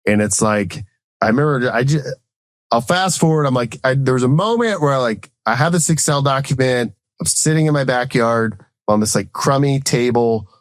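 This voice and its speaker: An American man in his thirties, a former Marine officer turned entrepreneur, is a guest telling a casual, rambling story at a fast clip. His medium-pitched voice is expressive and the recording is dry. He says "like" in nearly every phrase and acts out quoted exchanges.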